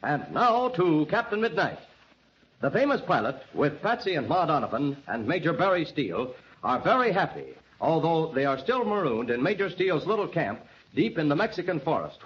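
Lively old-time radio announcer man. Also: fairly high pitch, moderate pace, highs cut off. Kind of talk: 1930s radio ad and story narration.

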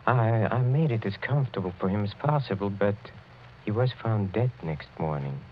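A middle-aged actor playing a sinister aristocratic count who speaks in a smooth, insinuating way and chuckles often, in an old radio drama. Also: male voice, lowish voice, expressive, moderate pace, a little hiss or hum, lightly acted. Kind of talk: 1940s radio acting. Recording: dull lo-fi old radio broadcast.

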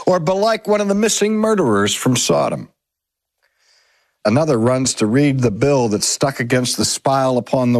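A man reading aloud a sermon from a novel in a measured, dramatic way. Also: mid-range voice, dry recording. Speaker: reader. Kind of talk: scripted narration of a sermon from a novel.

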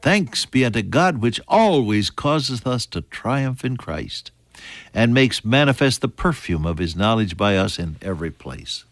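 A man preaching a sermon in an earnest way, rising high for emphasis and dropping soft and low. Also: very animated, measured pace, dry recording.

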